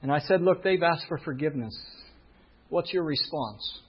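Husky storytelling preacher, a man. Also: on the high side, animated, normal speed. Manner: storytelling preacher, acting out quoted voices. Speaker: pastor. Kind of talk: sermon storytelling. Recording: muffled lo-fi recording.

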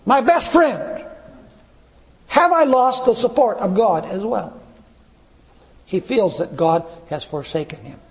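Male preacher, high voice, reads verses slowly and quizzes the congregation. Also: expressive, long reverb tail. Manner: reads scripture aloud slowly, asks the audience questions. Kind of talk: sermon.

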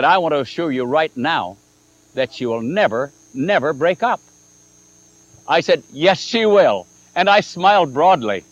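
A man's voice: on the high side, a bit bright. A man preaching a sermon, telling a story and acting out the dialogue with shifting emphasis. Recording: dull lo-fi archival recording with mains hum.

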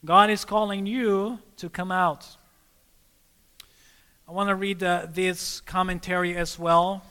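A man preaching a sermon, often pausing to let listeners fill in the next word and calling them friends. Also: high-pitched, flat delivery, bright, forceful tone, clear, resonant tone, big-room sound.

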